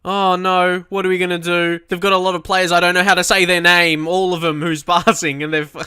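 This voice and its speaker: Excitable young man commentating his own game. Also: high-pitched, brisk, clear, resonant tone, no room sound, studio quality. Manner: excitable, swings into frustrated outbursts and swearing. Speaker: gaming commentator. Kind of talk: live match commentary while playing.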